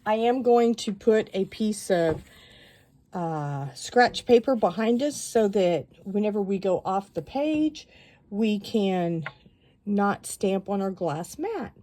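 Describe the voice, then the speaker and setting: A woman calmly walking viewers through a stamping craft project step by step, chatty and given to rambling asides. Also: mid-range voice, slow.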